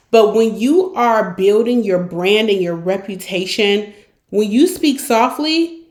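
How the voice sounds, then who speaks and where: A woman hosting a podcast, coaching listeners in a direct, encouraging way and acting out examples. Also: medium pitch. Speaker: podcast host and consultant. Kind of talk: coaching monologue. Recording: roomy echo.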